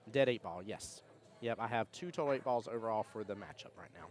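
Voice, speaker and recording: Expressive and lowish in pitch, this man hosts a pool tournament stream, reading live chat comments aloud and rambling through stories at speed, stumbling into restarts and laughter along the way.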